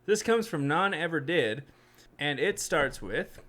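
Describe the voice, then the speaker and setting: A young male podcast co-host chats casually and reads scary stories aloud, tossing in jokes and doing silly voices for the people he quotes. His voice is on the high side, bright and forceful, expressive, and delivered at a measured pace.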